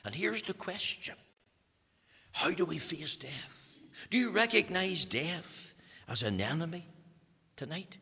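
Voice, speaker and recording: A man preaching a sermon with passion. He swings from hushed tones to loud emphasis and repeats words when he presses a point. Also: high voice, gravelly. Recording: long hall reverb.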